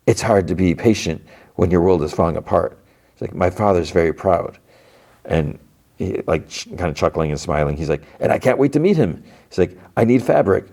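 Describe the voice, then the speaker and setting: A deep-voiced man talks through a TV episode for his podcast, scene by scene. His retelling rambles, full of fillers, false starts and quick paraphrased lines of dialogue. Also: a little mellow. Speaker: podcast host. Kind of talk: casual episode recap.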